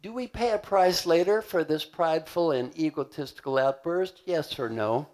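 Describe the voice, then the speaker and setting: Speaking at normal speed in a slightly high voice, an older man from the U.S. delivers a motivational keynote to an audience in a big conference hall. He is animated, performing different voices and asking the crowd questions.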